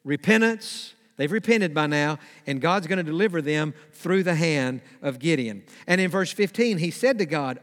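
A man's voice: fairly high pitch, animated, moderate pace, fairly bright tone, big-room sound. A man preaching a sermon, reading scripture aloud and explaining it, sometimes acting out pleading prayers to God. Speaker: pastor.

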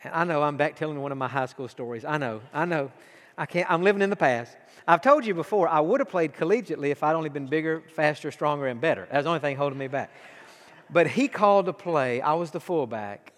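A man in his forties with an East Texas drawl preaches a sermon with a slightly raised pitch. He tells stories in a folksy way, slips into near-hushed passages and then builds to fervent urging. His voice rings with the long reverb of a church hall. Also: fast talker. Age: 40s. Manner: folksy storytelling, dropping to a near hush then rising to fervent exhortation. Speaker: pastor.

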